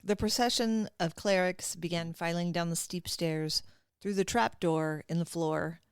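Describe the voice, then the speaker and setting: A woman co-hosting a podcast in casual chat, chiming in with quick agreement and jokey asides. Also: fairly low pitch, steady tone, smooth, no room sound, studio quality. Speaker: podcast co-host.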